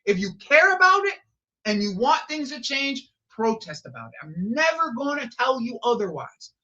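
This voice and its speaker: A man's voice: very high-pitched, big pitch swings, moderate pace, bright, forceful tone, lo-fi sound. A man hosting a live football watch-along stream, rambling and swearing, repeating himself and blurting out reactions to the play.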